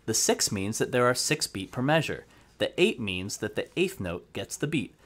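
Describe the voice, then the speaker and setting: A man's voice: medium pitch, very animated, normal speed, fairly bright tone. A man teaching accordion who explains methodically and counts beats aloud. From United States. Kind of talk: instructional music lesson. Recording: accordion playing throughout.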